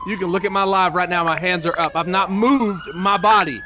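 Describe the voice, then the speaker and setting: A man's voice: high voice, a little fast, over a noisy crowd. A man in a police role-play game, talking in a pleading, defensive way. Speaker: fellow role-play player.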